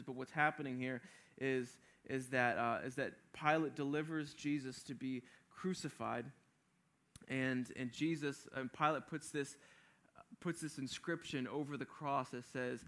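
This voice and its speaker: Man as pastor giving a sermon, mid-pitched voice, earnest and emphatic, stumbles and repeats words as he explains scripture. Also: fairly even intonation, normal speed, a bit bright.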